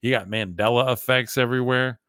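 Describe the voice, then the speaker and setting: A man's voice: medium pitch, steady tone, fairly quick, fairly bright tone, clean tone, dry recording, studio quality. A man hosting a podcast in a casual, emphatic monologue, often saying "like" and talking to his listeners as "guys". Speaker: podcast host.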